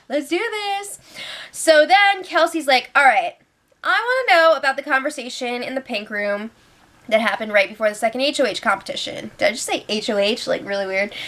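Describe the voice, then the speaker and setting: Young woman with a high voice, chatty animated recap of house drama. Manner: animated retelling with quoted voices and laughs. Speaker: show recap host. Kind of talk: casual spoiler recap.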